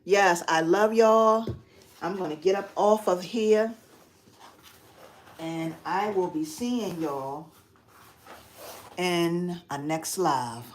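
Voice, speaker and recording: Middle-aged lady hosting a craft live on her phone, lowish voice, chatty, laughs a lot. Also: slow pace, long pauses. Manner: chatty, expressive, laughs often. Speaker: craft channel host. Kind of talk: casual live-stream chat. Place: quiet spare bedroom at home.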